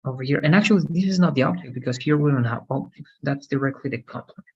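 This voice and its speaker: A man's voice: mid-range voice, fast, husky, lo-fi sound. A man teaching English grammar one-on-one, explaining patiently and checking for understanding with frequent "okay?".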